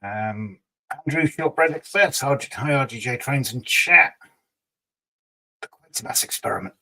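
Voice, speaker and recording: A man's voice: mid-range voice, expressive, moderate pace, bright, forceful tone, poor audio. A man hosting a casual livestream, reading out viewer comments and teasing them in a chatty way. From Scotland. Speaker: livestream host.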